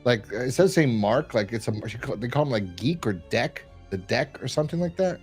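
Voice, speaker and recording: A man's voice: mid-range voice, animated, fairly quick, a little mellow, faint music behind. A man hosting a review podcast, chatting casually and rambling with lots of fillers. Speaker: podcast host reviewing a horror episode. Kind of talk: casual chat.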